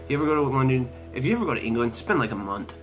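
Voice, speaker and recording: A man's voice: medium pitch, lively intonation, racing, fairly bright tone, poor audio. A young man chatting casually in a travel vlog, rambling and hesitant with many fillers and restarts. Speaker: vlogger. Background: background music.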